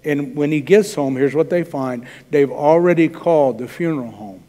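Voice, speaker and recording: A pastor with a slightly high, dark-toned voice preaches at normal speed, chatting conversationally and voicing quoted dialogue. The recording carries church hall reverb from the sanctuary.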